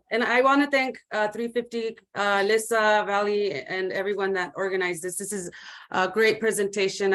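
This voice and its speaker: A woman advocate from Colorado giving an earnest personal testimony on a video call, halting with many fillers and mixing in Spanish words. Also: medium pitch, a bit bright. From Commerce City, Colorado. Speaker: community advocate.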